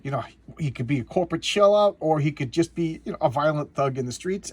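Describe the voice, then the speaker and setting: A man's voice: fairly high pitch, expressive, fast talker, breathy edge. A man casually recapping a comic book in a rambling, sarcastic way, with many restarts. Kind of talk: casual video commentary.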